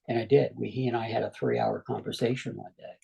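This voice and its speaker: A middle-aged man, a guest on an interview show, telling his near-death story in a relaxed way, with frequent "you know" asides. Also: medium pitch, brisk, gravelly, slightly rough, low-quality recording.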